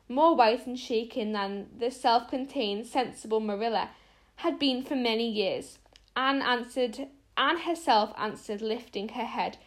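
Lady reading a storybook out loud, kinda high voice, trips over words now and then. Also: a little slow. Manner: expressive reading with frequent small stumbles and restarts. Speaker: narrator.

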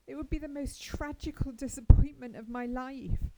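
A woman voicing an excitable, dramatic young orphan girl who speaks fervently and earnestly. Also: high-pitched, normal speed, voice pushed up, low-quality recording. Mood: fervent anxious.

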